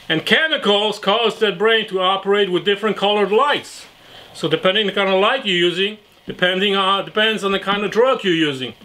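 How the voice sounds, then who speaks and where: A man with a high voice plays a mock presenter with earnest conviction. He rambles loosely from one point to the next. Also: fairly bright tone. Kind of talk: mock-presenter comedy bit.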